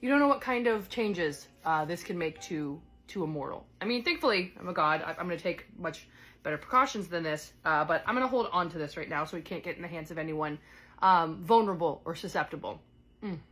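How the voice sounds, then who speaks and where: Over soft background music, a woman with a lowish, fairly bright voice talks animatedly and fairly quickly. She voices a talkative goddess cut off in another world, caring though scattered, in an improvised one-sided role-play that rambles with fillers and self-corrections.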